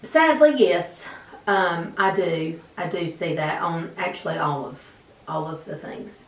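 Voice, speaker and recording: A woman's voice: on the low side, unhurried. A woman teacher answering interview questions in a conversational way, with frequent fillers. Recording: echoey room, mic at a distance.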